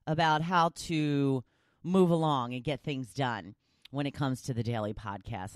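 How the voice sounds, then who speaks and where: A woman's voice: rumbling low, a little mellow, no echo, studio quality. A woman hosting a daily talk podcast, chatting casually and poking fun at herself. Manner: chatty, self-deprecating, rambling with restarts. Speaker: talk show host.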